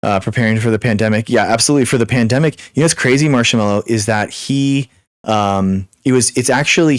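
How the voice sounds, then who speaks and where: A young man hosting a live stream, answering chat questions in a rapid, repetitive, exasperated way with many restarts. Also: lowish voice, no room sound, studio quality. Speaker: livestream host. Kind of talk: live Q and A chat reading viewer comments.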